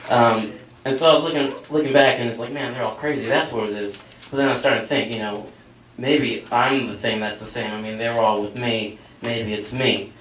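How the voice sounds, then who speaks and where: A young man doing a stand-up set in a small cafe, rambling and self-mocking with lots of fillers. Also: medium pitch. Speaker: stand-up comedian. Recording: echoey room, mic from far off, audience laughter. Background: audience laughing.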